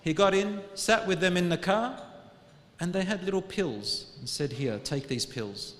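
A male preacher telling a personal story in an earnest sermon, his voice rising to loud urging and dropping to hushed tones, with Arabic religious phrases woven in. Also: high-pitched, lively intonation, moderate pace. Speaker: Islamic preacher. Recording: echoey hall.

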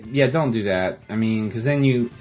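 A man co-hosting a podcast in casual chat, excitable and prone to stammering restarts. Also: lowish voice, normal speed, dull audio, soft background music. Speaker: podcast co-host.

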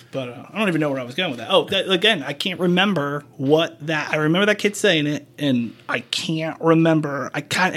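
A man's voice: on the high side, fairly bright tone. A man working as a paramedic, chatting frankly on a podcast, swearing and acting out quoted dialogue as he tells his stories. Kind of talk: casual podcast chat, storytelling.

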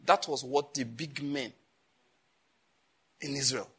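A man preaching a sermon as pastor, animated and scolding, with jokes and sudden jumps in pitch. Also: slow pace, husky.

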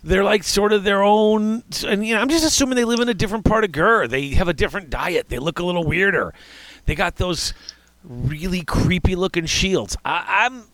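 A man's voice: high voice, moderate pace, fairly bright tone, no echo. A man hosting a casual hobby chat, rambling with restarts and fillers. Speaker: podcast host.

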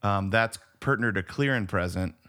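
A man's voice: lowish voice, moderate pace, pushed and bright. A man co-hosting a movie podcast in casual chat, enthusiastic and rambling, full of "like" and restarts. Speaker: podcast co-host.

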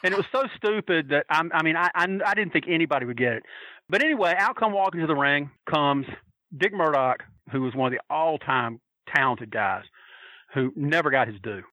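Man, bright tense tone, dry close sound; lively raconteur who slips into character voices. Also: a little high, a little fast, no echo, rough recording. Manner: animated, acts out quoted voices. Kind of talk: casual anecdote telling.

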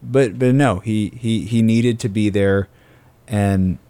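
Low-voiced guy, earnest faith chat, lots of restarts, dry close sound. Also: steady tone, mellow, no room sound. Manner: halting, earnest, many restarts. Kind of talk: casual faith discussion.

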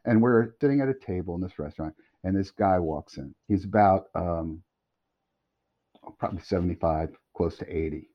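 A middle-aged man telling a long anecdote as a podcast guest, animated and quick to laugh. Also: low voice. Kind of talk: storytelling anecdote. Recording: dull lo-fi audio.

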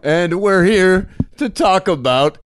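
A man's voice: sits high, lively intonation, slow, clear, resonant tone, no echo, studio quality. A man hosting a casual podcast, laughing often and joking with his co-hosts. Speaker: podcast host.

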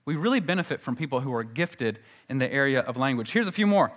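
A man preaching a sermon as pastor, teaching earnestly and slowing down to recite scripture. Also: medium pitch, animated, fairly bright tone.

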